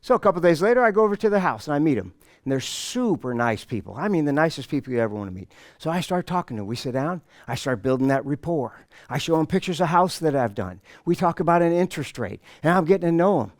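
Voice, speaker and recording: A middle-aged man giving a storytelling presentation to an audience, animated and self-mocking, acting out the dialogue. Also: a little high, quick pace, dry recording, studio quality. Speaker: motivational speaker.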